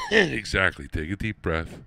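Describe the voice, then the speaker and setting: A man's voice: low-pitched, creaky, no echo, clean studio sound. A man hosting a podcast, teasing his co-host in brash, profane casual banter.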